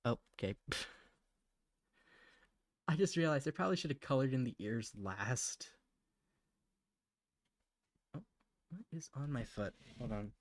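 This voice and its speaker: A man's voice: medium pitch, expressive, unhurried, long pauses. A man chatting casually on a live stream while he draws. He rambles, mutters to himself, and laughs often.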